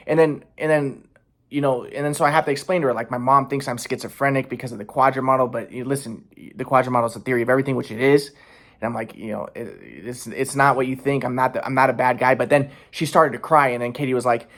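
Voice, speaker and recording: Mid-pitched male vlogger, rambling and aggrieved, swears a lot. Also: fairly even intonation, fast talker, a bit bright. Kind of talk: casual personal monologue.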